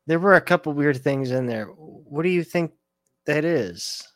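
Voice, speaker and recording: A man's voice: fairly high pitch, expressive, unhurried, no echo, studio quality. A man from the Rust Belt of upstate New York, co-hosting a casual movie-review chat in a blunt, laid-back way with some swearing. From American Rust Belt, upstate New York. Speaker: podcast co-host.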